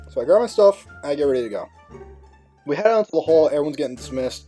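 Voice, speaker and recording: A man's voice: a little high, fast, husky, faint music behind. A young man narrating a storytime animation in a casual, slangy way, playfully acting out what others said. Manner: relaxed slangy delivery, playful quoting.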